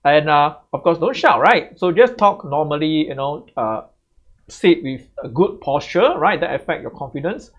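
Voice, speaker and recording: This is an exam tips lesson to camera from an English tutor, a man whose voice is a little high and animated, at a moderate pace. He talks conversationally, tacking "right?" onto his sentences. Sound quality is slightly muffled and lo-fi.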